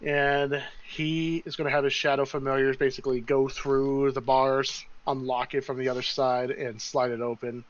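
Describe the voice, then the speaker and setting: A man narrating as game master for a tabletop game, in a casual, halting way with many fillers. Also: medium pitch, flat delivery. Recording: dull lo-fi sound.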